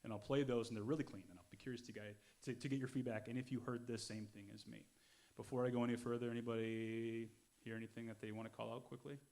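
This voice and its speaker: A man's voice: mid-range voice, level tone. A man hosting a podcast, chatting casually and explaining things as he goes. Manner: quick, chatty, explaining as he plays clips. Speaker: podcast host. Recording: loud background noise.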